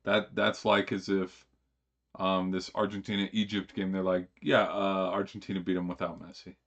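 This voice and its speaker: Low-voiced man chatting on a stream. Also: level tone, normal speed, a bit bright, dull audio. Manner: rambling, chatty, with many fillers and restarts. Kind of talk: casual live-stream chat.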